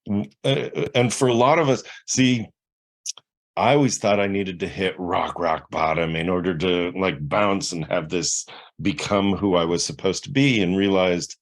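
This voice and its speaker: A man's voice: low voice, normal speed. A man hosting a podcast interview, asking long reflective questions full of fillers. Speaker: podcast host. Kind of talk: conversational interview.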